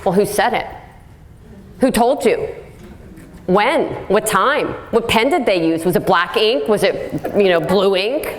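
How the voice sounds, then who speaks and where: A woman's voice: mid-range voice, unhurried, roomy sound, natural voice. A woman voicing a defensive employee who fires off indignant, evasive questions, in a live talk.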